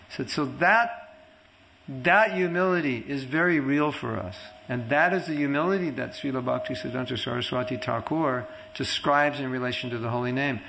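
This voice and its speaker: A man teaches a devotional class with a gravelly voice. He talks in a conversational way, weaving in stories and quoted words. Now and then he softly repeats a chanted mantra, over faint background noise. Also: medium pitch, expressive, brisk, low-quality recording. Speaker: spiritual teacher giving a class.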